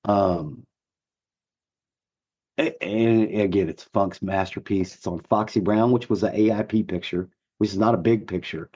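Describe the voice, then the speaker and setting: A man with a gruff, hoarse voice co-hosting a podcast, chatting enthusiastically with lots of fillers. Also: on the low side, a little slow, darkish tone, highs cut off. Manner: enthusiastic, rambling with many fillers. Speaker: podcast co-host. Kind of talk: casual chat.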